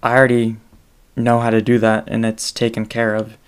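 A man's voice: medium pitch, completely flat delivery, normal speed, clear, resonant tone. A man hosting his own podcast alone, talking in a casual, meandering way and correcting himself as he goes. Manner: meandering, self-correcting delivery. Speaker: solo podcaster.

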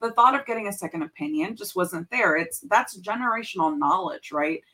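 Speaking at medium pitch and fairly quickly, a thirtysomething woman guests on a podcast. She shares stories candidly and with energy in casual conversation, leaning on fillers and slipping into Spanish phrases.

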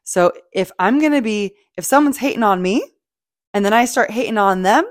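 A woman hosting a podcast, talking in a casual, animated motivational monologue, swearing freely and acting out feelings. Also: medium pitch, moderate pace, no echo, studio quality. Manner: animated, swearing, playful, acts out quoted feelings. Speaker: podcast host.

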